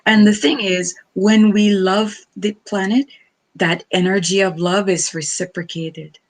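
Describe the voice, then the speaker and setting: A woman's voice: mid-range voice, little pitch movement, measured pace. A woman storyteller speaking as a guest in a casual chat, effusive and spiritual, with earnest pleading.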